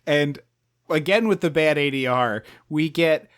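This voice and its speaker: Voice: mid-range voice, unhurried, clean tone. A podcast co-host in casual chat who recaps a movie animatedly, laughing and acting out the characters. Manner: animated, laughing, acts out characters in exaggerated voices.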